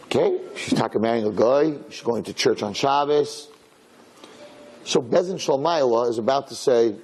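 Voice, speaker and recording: Speaking a little fast in a slightly rough, medium-pitched voice, a rabbi brings a sermon story to life by performing different characters' voices. He mixes Hebrew and Yiddish words throughout, and the audio is poor.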